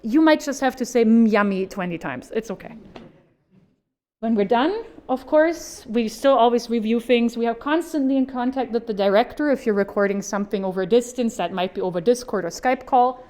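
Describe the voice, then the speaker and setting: A woman's voice: fairly high pitch, fairly quick, darkish tone. A woman voice actor giving an informal how-to talk at a convention panel, chatty and upbeat with jokey asides.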